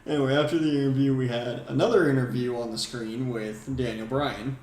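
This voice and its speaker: A man's voice: mid-range voice, fairly even intonation, fairly quick, darkish tone. A man co-hosting a podcast in casual chat, laid-back as he moves the wrestling recap along. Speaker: podcast co-host. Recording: echoey room.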